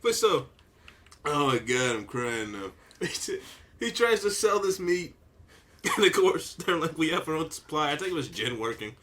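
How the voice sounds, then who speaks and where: A man's voice: on the high side, very animated, unhurried, pushed and bright. A man hosting a casual podcast, telling a rambling story and laughing often. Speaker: podcast co-host. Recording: noisy home podcast recording.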